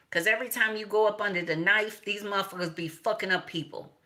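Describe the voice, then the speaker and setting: A woman's voice: mid-range voice, fairly even intonation, fast, hardly any pauses, pushed and bright. A middle-aged woman, talking in a blunt, profane, rambling monologue with laughing asides. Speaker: tarot reader.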